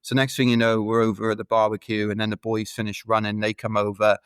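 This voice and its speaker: A man's voice: lowish voice, level tone, fast, clean tone, dry recording. A man from the United Kingdom, a podcast guest, telling rambling, chatty stories full of fillers in a casual interview. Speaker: podcast guest, ultra runner.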